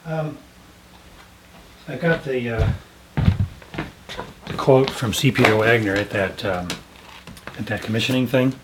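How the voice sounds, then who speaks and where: Man host, earnest and emphatic, mid-pitched voice, casual faith commentary. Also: measured pace, pauses often, noisy background. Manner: earnest, searching for words, emphatic.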